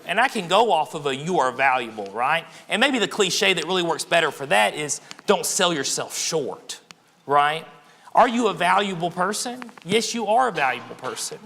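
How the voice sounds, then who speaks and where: A young man preaches in a church, speaking conversationally and often checking in with the congregation. His voice sits high and carries a gravelly rasp. It rings out in a hall with a long reverb. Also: bright, forceful tone. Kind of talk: sermon. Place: church sanctuary.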